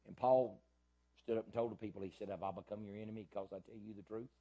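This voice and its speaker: Middle-aged male pastor, husky low voice, fiery repetitive sermon delivery. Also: fairly even intonation, fast talker, lo-fi sound. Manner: fiery, emphatic preaching with loud rises and repetition.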